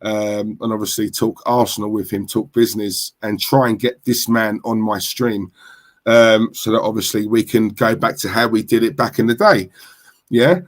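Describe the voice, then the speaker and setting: A man's voice: lowish voice, fairly even intonation, normal speed. A man with a London accent hosting a casual football live stream, chatty and full of slang as he greets viewers in the chat. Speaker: football livestream host.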